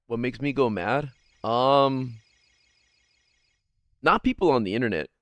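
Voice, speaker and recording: Male streamer, relaxed and rambling, swears a lot, laughs often, mid-low voice, dry close sound. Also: unhurried, dry recording. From Guam. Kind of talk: casual livestream chat.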